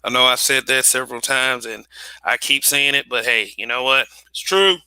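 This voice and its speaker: Blunt, bright-voiced male livestream host. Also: mid-range voice, steady tone, moderate pace, smooth, no room sound. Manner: blunt and profane, with frequent restarts and repeated phrases. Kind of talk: casual livestream commentary.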